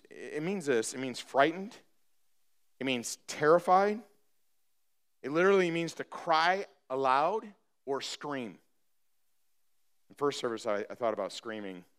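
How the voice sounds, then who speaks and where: A man preaching a sermon as pastor, talking conversationally with humor and building to emphatic, animated preaching. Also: mid-range voice, clear, resonant tone. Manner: conversational with self-deprecating humor.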